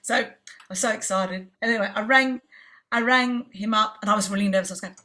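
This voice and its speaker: Bright, animated English woman storyteller. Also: medium pitch, fairly quick. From England. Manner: animated storyteller who acts out quoted voices. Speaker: jazz singer, guest. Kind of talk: casual storytelling interview.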